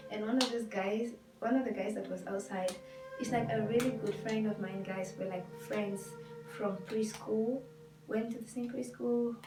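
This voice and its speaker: Young woman vlogger, fired up retelling what happened, far from the mic, guitar playing underneath. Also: mid-range voice. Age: young adult. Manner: emphatic, heated retelling with quoted dialogue. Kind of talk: personal storytelling to camera. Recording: roomy, distant mic with guitar music behind.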